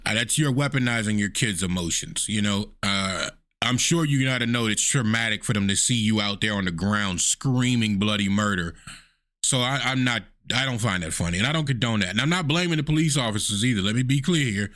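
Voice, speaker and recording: A man's voice: fairly low pitch, expressive, brisk, a bit bright. A man hosting a reaction video in casual commentary, laughing often and mocking people with put-on voices.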